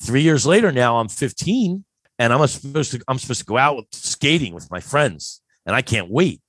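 Animated storyteller man in his fifties. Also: mid-range voice, moderate pace, dry recording, clean studio sound. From Philadelphia. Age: 50s. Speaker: guest. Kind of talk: casual storytelling.

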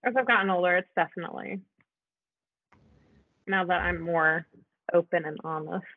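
A woman's voice: on the low side, moderate pace. A woman of twenty-nine, a podcast guest, chatting candidly, laughing often and swearing. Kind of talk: casual chat. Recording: tinny phone-like line, dry.

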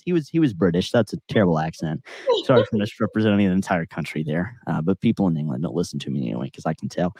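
A man's voice: fairly low pitch, darkish tone, no room sound. A man hosting a podcast, casually telling rambling, self-deprecating stories. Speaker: podcast host. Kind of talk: casual chat.

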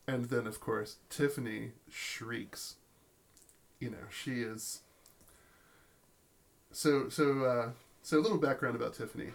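A man's voice: medium pitch, gravelly. A man narrating as game master of a tabletop role-playing game, telling the story with many fillers and restarts.

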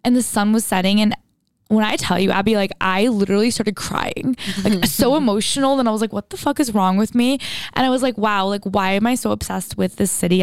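A woman's voice: mid-range voice, clear, resonant tone, no room sound. A young woman in her twenties chatting casually as a podcast co-host, full of "like" and "literally" as she tells stories with lots of energy. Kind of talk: casual chat.

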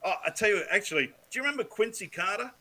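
A man from Wales, a guest on a sports podcast, telling lively stories, swearing freely and laughing often. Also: sits high, fast, slightly rough, poor audio. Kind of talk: casual chat.

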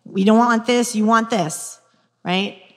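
A woman in her forties with a New York accent, telling a dating story and coaching on manifestation in a lively, frank, laughing way. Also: a little high, slow pace, long reverb tail. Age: 40s. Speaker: guest speaker on dating and manifestation. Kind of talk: casual storytelling, coaching talk.

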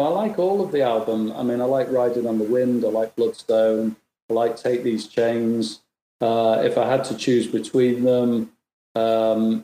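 A man's voice: medium pitch, mellow. A man chatting as a podcast guest, hesitant and listing his thoughts. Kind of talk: casual chat. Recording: echoey room.

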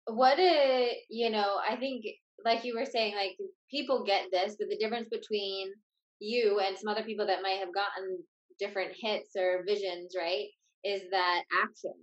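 A woman's voice: medium pitch, fairly even intonation, moderate pace, dull audio. A woman hosting a conversational interview, chatty and informal, often tagging "like" and "right?" onto her questions. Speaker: host.

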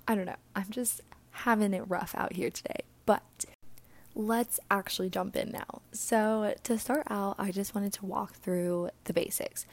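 A young woman hosting a casual solo podcast, chatty and earnest, sounding a bit out of breath and breathy, with words often trailing off into a whisper. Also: medium pitch. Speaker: podcast host.

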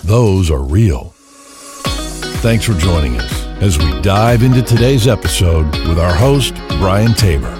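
Male announcer over loud music. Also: low voice, a little slow. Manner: expressive announcer delivery. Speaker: show announcer. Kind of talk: scripted intro announcement.

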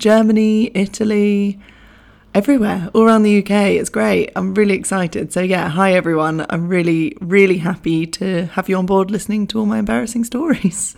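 A young woman hosting a podcast, talking casually with a hoarse, croaky voice from losing it, chatty and self-mocking, laughing often. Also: medium pitch, darkish tone. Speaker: podcast host. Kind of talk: casual solo podcast chat.

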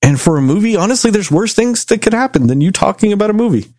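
A man casually reviewing a movie, rambling and animated as he retells scenes. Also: high-pitched, quick pace, dry recording. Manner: rambling, animated storytelling with acted quotes. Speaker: movie review podcast host.

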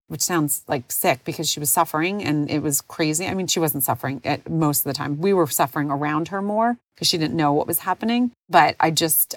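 Low-voiced woman, tender and heartfelt. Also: no echo. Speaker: podcast host. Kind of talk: personal reflective monologue.

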